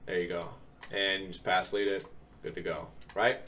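Young man, lowish voice, laid-back gameplay commentary, a bit off-mic, faint keyboard clicks. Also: level tone, moderate pace, bright, forceful tone, recorded from a distance, a little hiss or hum. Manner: laid-back, many ums, explaining plays step by step. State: recovering from illness. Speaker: video game tips creator.

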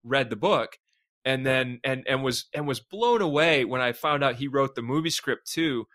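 A man's voice: medium pitch, normal speed, a bit bright. A man in a casual podcast discussion, talking eagerly and in a jokey way, stumbling over his words as he goes. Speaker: podcast guest.

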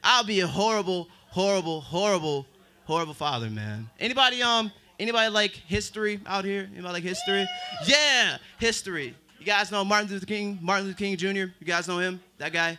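A man's voice: high-pitched, expressive, brisk, bright, forceful tone. A man in his twenties doing a self-deprecating stand-up comedy set, with drawling asides. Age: 20s. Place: open mic stage at a bar.

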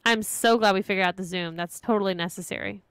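A woman's voice: mid-range voice, steady tone, quick pace, a bit bright, clear, resonant tone, no echo. A woman co-hosting a live game stream, teasing her partner and swearing freely in casual chat. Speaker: co-host watching the game.

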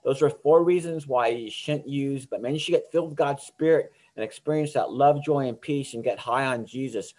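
A man's voice: medium pitch, moderate pace, few pauses, a little mellow. A middle-aged man giving an informal, earnest Bible lesson to teenagers, often checking in with "okay?" and restarting his phrases. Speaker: youth ministry teacher. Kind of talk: recorded Bible lesson for teens.

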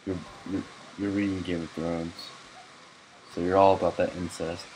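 Drunk man yelling over a game. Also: low-pitched, level tone, normal speed, slight background noise, low-quality recording. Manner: profane, loud outbursts and laughing. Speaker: let's player. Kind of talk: drunk gaming commentary.

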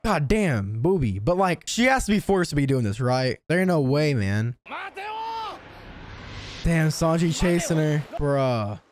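Excitable, cursing young male reactor. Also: on the high side, a little slow. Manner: excitable, profane, slangy. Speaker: anime reaction host. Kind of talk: casual reaction commentary.

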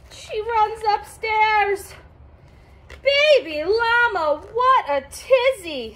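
A woman's voice: very high-pitched, fairly bright tone. A woman reading a children's picture book aloud in a sing-song, teacherly way, stopping to explain words to young listeners. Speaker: storybook reader for children.

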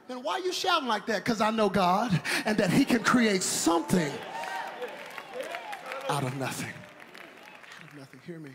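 A man preaching a sermon in a church, animated and shouting in a sing-song cadence with comic asides. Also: high voice, normal speed, long pauses, a faint crowd. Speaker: pastor. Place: church sanctuary.

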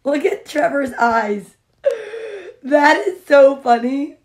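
High-voiced woman reading storybooks aloud. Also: slow, a little hiss or hum. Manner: giggly, chatty asides to kids. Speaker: comedian reading to children. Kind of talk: storybook read-aloud with asides.

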